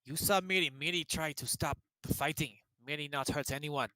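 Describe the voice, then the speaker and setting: A man's voice: on the high side, a little fast, sharp tone, no room sound, voice pushed up. A man voicing a character who speaks in broken grammar, insisting on her innocence. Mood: pleading.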